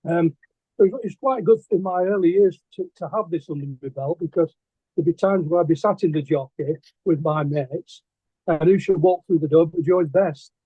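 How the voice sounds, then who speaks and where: A man's voice: on the high side, normal speed, slightly rough, dry recording. Hesitant Lancashire man on tinny line. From England. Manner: hesitant, many ums and restarts. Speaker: guest artist. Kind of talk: casual storytelling interview. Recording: tinny phone-like line, dry.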